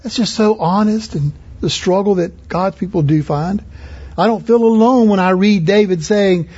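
High-voiced husky male preacher. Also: normal speed, a little mellow. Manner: earnest and conversational, rising in pitch for emphasis. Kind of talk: sermon. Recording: muffled lo-fi recording.

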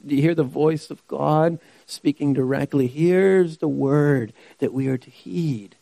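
A man's voice: a little high, measured pace, gravelly, warm tone, no echo. A man preaching a sermon who asks rhetorical questions and repeats key phrases for emphasis. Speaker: pastor.

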